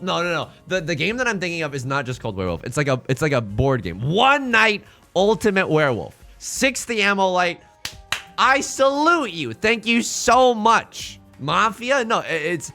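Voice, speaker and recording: A man's voice: fairly high pitch, a bit bright. A young man streaming a tile game, chatting playfully and rambling to his chat as he plays. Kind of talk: casual game streaming commentary.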